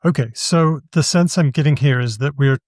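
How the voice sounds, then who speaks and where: A man's voice: mid-range voice, normal speed, darkish tone, dry recording, clean studio sound. A man hosting a podcast interview, summing up and asking follow-up questions. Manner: summarizes and asks follow-up questions. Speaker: podcast host.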